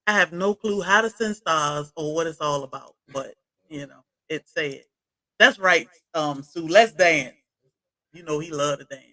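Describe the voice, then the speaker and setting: A woman's voice: low-pitched, measured pace, bright, forceful tone, poor audio. A woman chatting casually on a homestead livestream, greeting viewers from the chat by name as she talks.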